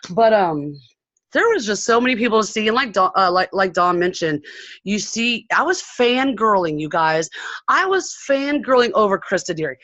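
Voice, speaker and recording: Woman, from San Diego, bubbly, rambling, excited, dull dry video call audio. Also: mid-range voice, normal speed, dry recording. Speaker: team member sharing convention recap.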